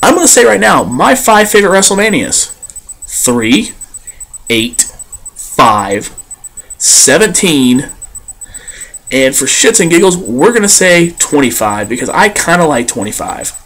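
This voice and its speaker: A man's voice: fairly high pitch, sing-song, measured pace, pauses often, fairly bright tone. A man ranting bluntly and profanely as a vlogger. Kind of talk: ranting commentary.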